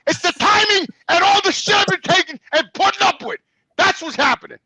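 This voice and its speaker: A man in his sixties ranting loudly and angrily, swearing constantly as he tells his stories on a talk show. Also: extremely high pitch, fairly quick, no echo, poor audio. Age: 60s. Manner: loud, angry, swearing constantly. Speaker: show regular and guest of the intervention. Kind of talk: profane ranting storytelling.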